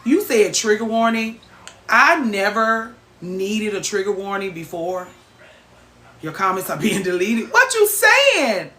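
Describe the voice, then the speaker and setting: Animated woman hosting a live chat. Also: medium pitch, measured pace. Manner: animated, teasing, swears freely. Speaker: livestream host. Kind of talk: casual live chat reading viewer comments. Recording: roomy echo, faint background noise.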